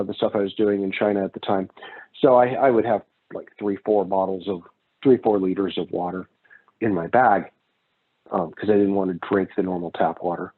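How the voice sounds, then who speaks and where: A man lectures on economics in a loose, conversational way and often wanders into stories from his own travels. His voice is husky. The recording sounds thin and phone-like. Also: on the low side. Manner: casual, digressive, with personal anecdotes. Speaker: economics instructor.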